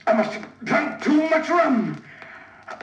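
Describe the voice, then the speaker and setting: An actor playing a drunken old sea captain on a vintage children's story record. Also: male voice, very high voice, big pitch swings, unhurried, fairly bright tone, a little hiss or hum, heavily acted. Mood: fearful. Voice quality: blustery pirate bluster. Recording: echoey vintage vinyl recording, a bit distant.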